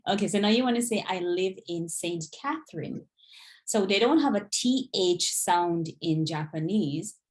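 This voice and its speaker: A woman tutoring online, modelling pronunciation slowly and patiently in a one-on-one lesson. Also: lowish voice, animated. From Jamaica.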